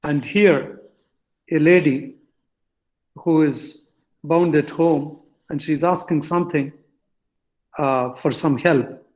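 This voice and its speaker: Slow-talking older Indian man lecturing. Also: on the high side, a little mellow, rough recording. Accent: Indian English. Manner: halting, with many fillers and self-corrections. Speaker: guest speaker. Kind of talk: lecture-style talk.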